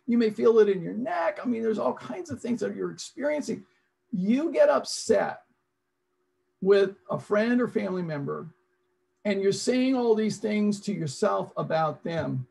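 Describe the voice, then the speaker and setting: A man's voice: sits high, very animated, measured pace, gravelly, darkish tone, breathy edge. A man presenting an interactive online seminar over a video call, coaching his audience and repeating his prompts.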